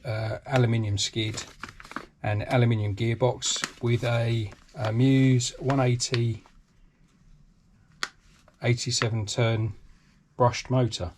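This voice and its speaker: A British man chats his way through an unboxing, full of ums and little restarts. His voice sits in an ordinary middle pitch. Faint background noise runs under the recording. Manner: rambling, lots of ums and restarts, enthusiastic. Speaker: RC hobby channel host. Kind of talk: casual unboxing commentary. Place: home workshop.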